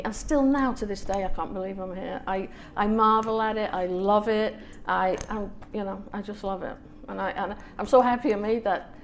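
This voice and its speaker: English woman telling a lively story. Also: mid-range voice, slight background noise. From England. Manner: lively anecdotal, laughs often, acts out quotes. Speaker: guest author. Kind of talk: storytelling on a panel. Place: small event room.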